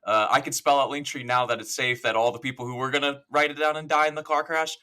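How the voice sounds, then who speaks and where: A man's voice: medium pitch, fairly even intonation, fast talker, pushed and bright. A man in his thirties, a podcast guest, talking in a crude joking way and laughing as he talks. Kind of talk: casual podcast chat.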